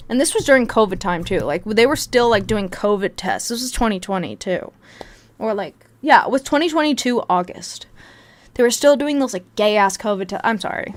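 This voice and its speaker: A woman's voice: a little high, animated, brisk. A woman in her twenties telling a rambling, profane story on a casual live stream.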